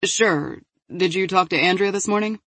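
A woman's voice: fairly low pitch, moderate pace, a bit bright, no room sound. A woman voicing an awkward adult man agent in an audiobook, hesitant and muttering. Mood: casual.

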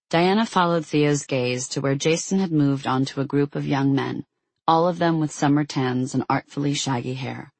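An audiobook narrator reading fiction in a measured, even storytelling manner with a husky voice. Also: mid-range voice, no echo. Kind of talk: scripted narration.

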